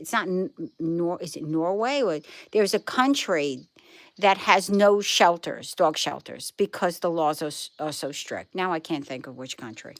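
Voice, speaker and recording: Middle-aged lady on a live stream, kinda low voice, dry sound, rambly chatty stories. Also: a bit bright, no room sound. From Brooklyn, New York. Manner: chatty, rambling storyteller who trails off and restarts. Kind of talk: casual chat answering viewer comments.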